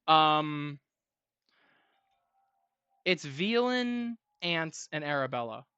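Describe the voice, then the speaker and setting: A game master narrating a tabletop game in halting, filler-heavy descriptions. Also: mid-range voice, big pitch swings, pushed and bright, clean tone, no echo, dull audio.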